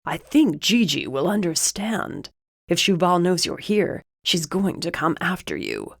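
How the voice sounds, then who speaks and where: A protective young man with a steady, firm voice, pitched a little low, as a woman narrator puts him on. He speaks urgently but keeps it level and reasoned, a calm anchor in an audiobook scene. The sound is dry and close. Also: unhurried, vocal fry, no echo, full character voice. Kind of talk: audiobook character voice.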